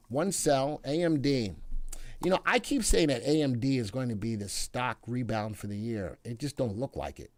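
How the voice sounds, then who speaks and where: A man's voice: medium pitch, sing-song, normal speed. A man hosting a casual stock market livestream, chatting with viewers and reading their comments between chart talk, playful and talkative.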